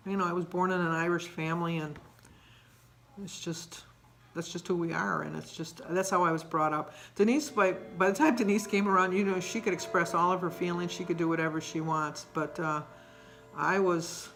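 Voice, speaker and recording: In her daily vlog, an older woman vlogger chats casually with a lowish voice, rambling and self-deprecating, emotional and sometimes tearful. Slight background noise can be heard.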